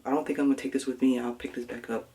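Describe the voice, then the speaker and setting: Soft-spoken woman, hesitant vlog talk. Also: a bass voice, steady tone, slight background noise. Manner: soft, hesitant, full of fillers and pauses. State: nervous, close to tears before surgery. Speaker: vlogger. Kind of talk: casual personal vlog.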